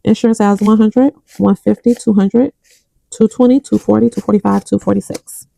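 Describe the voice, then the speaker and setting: A young woman chats to her viewers while counting bills into envelopes, reading the numbers out one by one. Her voice is mellow and a little gravelly, and the sound is close and dry with no room around it. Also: medium pitch, steady tone, normal speed, dry recording, poor audio. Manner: counts bills aloud, tells a story between counts. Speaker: budgeting vlogger. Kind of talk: casual chat while counting cash.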